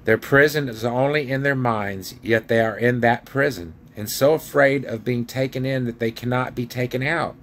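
A man voicing a wise, gentle male lion king in a storybook reading, speaking gravely and in measured phrases. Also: medium pitch, a little hiss or hum, pitched above the performer's own voice, lightly acted. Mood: solemn.

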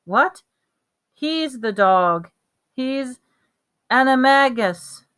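A hurt storybook teenage boy speaks in a strained, urgent voice, raised well above the reader's own, as a woman puts him on. His words come out clear and smooth. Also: high-pitched, lively intonation, drawn-out words, fairly bright tone, voice pushed up, exaggerated voice. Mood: pained urgent.

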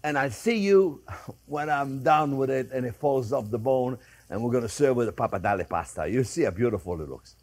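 A man's voice: medium pitch, animated, fairly quick, darkish tone, no room sound. A male chef hosting a cooking show, chatting casually with viewers as friends while he demonstrates a recipe in a studio kitchen.

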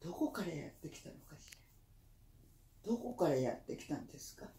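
Doting older grandmother, mellow voice. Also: low-pitched, big pitch swings, fast. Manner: doting, warmly praising. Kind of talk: casual family talk. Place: indoors at home. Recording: roomy room echo.

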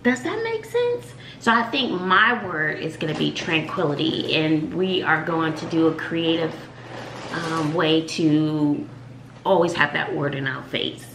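A middle-aged woman, a mother hosting a family vlog, talking calmly and reflectively. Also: low-pitched, a little slow. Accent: Texan. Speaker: mom and channel host. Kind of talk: casual family chat. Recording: echoey room with faint noise.

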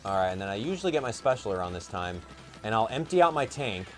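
A young man giving casual gameplay commentary, chatty and excitable, thinking aloud with plenty of fillers. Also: on the low side, quick pace, faint music behind. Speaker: gaming YouTuber.

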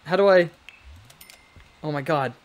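A man's voice: on the high side, unhurried, dull audio. Chatty man commentating his gameplay. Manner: chatty, talks to the game characters, laughs often. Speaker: let's play gamer.

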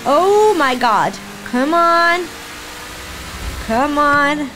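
Woman gamer, high voice, very slow delivery, excitable running commentary, noisy recording. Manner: excitable, cheering on and scolding her character. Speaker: gaming channel host. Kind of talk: casual let's-play commentary.

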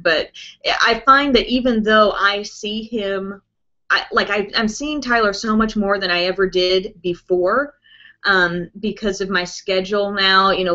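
A woman's voice: mid-range voice, sharp tone, highs cut off. A woman beauty vlogger hosting a live broadcast, chatting casually in answer to viewer questions and rambling with lots of "um" and "like". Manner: chatty, rambling, with many fillers like "um" and "like".

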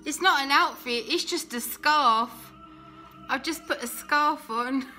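A woman chatting casually to viewers on a live phone video from home, emotional and quick to laugh, a little out of breath. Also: high-pitched, bright, forceful tone, soft background music. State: slightly out of breath. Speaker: Christian vlogger.

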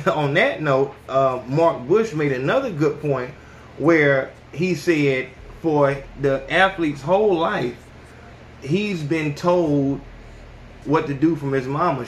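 A man hosting a podcast, ranting casually and with plenty of profanity, who often jumps into high yelling voices to mimic people. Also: slow, roomy sound, slight background noise. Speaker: podcast host. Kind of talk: casual opinion rant.

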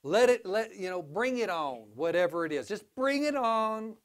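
A male pastor preaching a sermon, telling a folksy story with big swings between quiet and loud. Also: high-pitched, big pitch swings, moderate pace.

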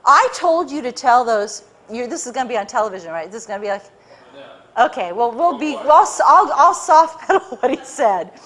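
A woman with a high, bright-sounding voice addresses a live audience. She tells her story with animation, stumbling and restarting as she goes, and acts out the voices of others. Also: animated, brisk. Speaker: public speaker.

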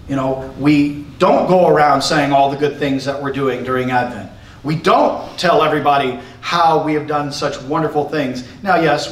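A man giving a church lesson to his congregation, excitable and emphatic, sometimes shouting. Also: a little high, far from the mic, slight background noise. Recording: roomy echo, recorded from afar.

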